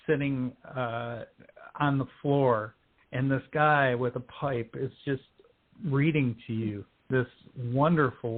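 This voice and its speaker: A man on a poetry show, chatting in a quick, chatty way and reading poems aloud. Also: mid-range voice. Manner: chatty, quick, laughs between remarks. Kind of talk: casual chat and poetry reading. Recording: tinny phone line.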